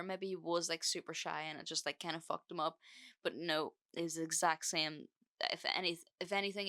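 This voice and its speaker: A woman's voice: fairly low pitch, bright, forceful tone. Chatty, sweary young woman telling stories. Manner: chatty, sweary, lots of "like" fillers. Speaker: podcast host. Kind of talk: casual storytelling monologue.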